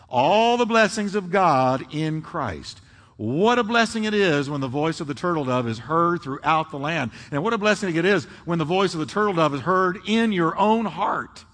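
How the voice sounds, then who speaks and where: Guy preaching a sermon, highish voice, swoops loud to hushed, lots of big hall echo. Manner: dramatic swings from booming to hushed. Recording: long hall reverb.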